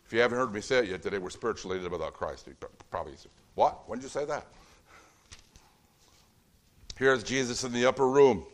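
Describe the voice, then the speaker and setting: A man's voice: mid-range voice, expressive, racing. A man preaching a sermon in a conversational, storytelling way, acting out bits of dialogue in different voices. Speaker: pastor.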